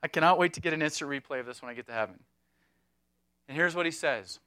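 Man, pastor, sermon, high voice, conversational and animated, dry close sound. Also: quick pace, long pauses, clean tone, dry recording. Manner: animated, conversational preaching with asides and humor.

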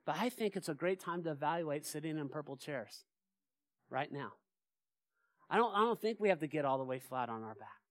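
Male pastor, lively sermon delivery, keeps quizzing the congregation; close, dry sound. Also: a little high, a little fast, dry recording. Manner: animated, asks the congregation rhetorical questions. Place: church sanctuary.

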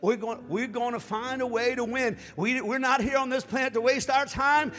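A man preaching a sermon as pastor, swinging between impassioned shouting and quiet asides. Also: extremely high pitch, fairly even intonation, moderate pace, few pauses, big-room sound. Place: church.

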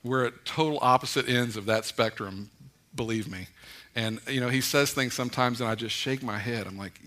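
A middle-aged man preaching a conversational sermon, mixing folksy stories and gentle humor into his points. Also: mid-range voice, moderate pace. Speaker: pastor.

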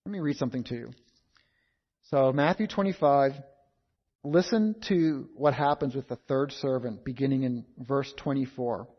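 A man preaching an expository sermon in a measured, emphatic way, repeating key phrases. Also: medium pitch. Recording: dull lo-fi sound.

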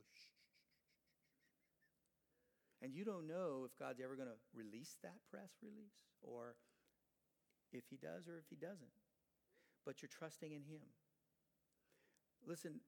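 Brief: conversational male preacher, animated, slightly high pitch. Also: vocal fry. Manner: animated storytelling, conversational asides. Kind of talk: sermon.

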